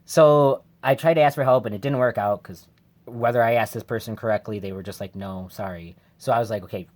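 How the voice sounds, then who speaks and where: Lower-voiced man telling a story. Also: brisk, a little mellow. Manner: rambling, heavy use of "like" fillers; candid and emotional in recounting. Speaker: vlogger. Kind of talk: casual personal storytelling.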